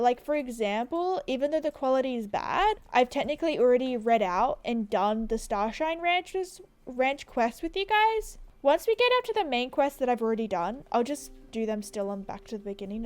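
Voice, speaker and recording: A young-sounding woman with a high voice chatting through her game session, rambling and breaking into giggles. She apologizes a lot and keeps it loose and casual, with faint music under her. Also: a little mellow. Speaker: gaming YouTuber. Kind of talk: casual gameplay commentary.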